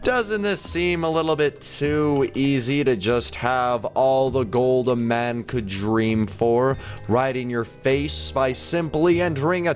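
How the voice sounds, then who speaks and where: A man hosting a gaming video, giving playful, jokey let's-play commentary as he plays. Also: mid-range voice. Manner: playful, animated, jokey self-talk.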